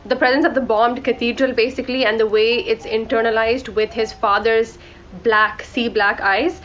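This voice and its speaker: A woman's voice: fairly high pitch, steady tone, normal speed, fairly bright tone. A young woman from India talking casually about books she read, rambling and correcting herself as she goes. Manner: chatty, rambling, corrects herself mid-sentence. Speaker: book vlogger. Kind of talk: casual book review chat. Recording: dull lo-fi audio with faint background music.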